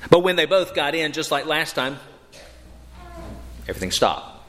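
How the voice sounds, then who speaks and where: A man preaching a sermon with emphatic, dramatic delivery, slowing on key phrases and rising sharply for emphasis. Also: on the high side, sing-song, pushed and bright. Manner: dramatic, emphatic delivery with slow drawn-out phrases and sudden rises. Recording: long hall reverb.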